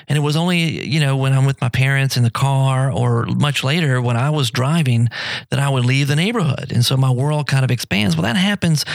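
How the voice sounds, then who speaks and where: Gravelly-voiced middle-aged male radio host. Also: medium pitch, no echo. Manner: rambling, friendly, many fillers and restarts. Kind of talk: casual live radio talk. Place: radio studio.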